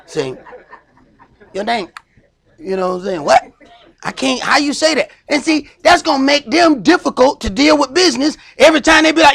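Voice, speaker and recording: A man preaching a sermon as priest, stressing points by slowing down and raising his voice. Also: extremely high pitch, expressive, vocal fry. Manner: emphatic preaching, slows and shouts for stress.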